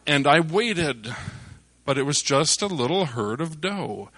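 A male preacher delivers a sermon with a very bright, cutting voice set a little high for a man. He tells his story with animated swings, now hushed and reflective, now rising to excited shouts. The sound is close and dry, with almost no room around it. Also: unhurried, no echo. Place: church service.

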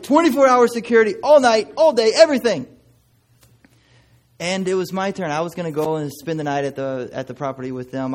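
A man's voice: a little high, a little mellow. A male missionary preacher telling a story in a sermon, folksy and conversational.

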